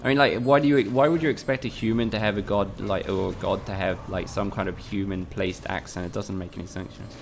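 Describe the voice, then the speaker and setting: A man's voice: fairly low pitch, steady tone, fast, gravelly, hardly any pauses, music in the background. A young man from Spain, chatting casually with his viewers and swearing freely while he streams a game. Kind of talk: casual live-stream commentary.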